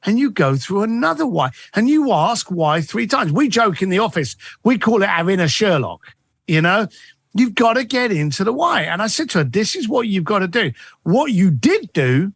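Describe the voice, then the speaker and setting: A man's voice: high-pitched, a bit bright, husky, dry recording, studio quality. A middle-aged man, a guest author and coach, telling stories in an interview and acting out the dialogue with shifting voices. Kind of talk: animated interview storytelling.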